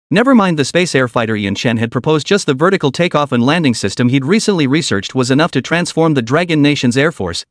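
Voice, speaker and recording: A man narrates a dramatic story with a lively, animated pitch. His voice sits a little high. The recording is dry and close. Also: dry recording.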